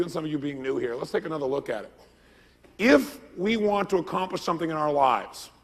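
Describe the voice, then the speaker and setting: A man giving an energetic seminar lecture, quizzing a live audience with questions they answer back. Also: fairly high pitch. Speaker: motivational speaker. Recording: long reverb of a large hall.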